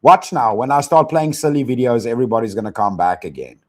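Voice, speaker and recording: A man's voice: mid-range voice, animated, quick pace. A young South African man hosting a stream, chatting in a teasing, rambling, slangy way. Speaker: streamer host. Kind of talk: casual reaction stream chat.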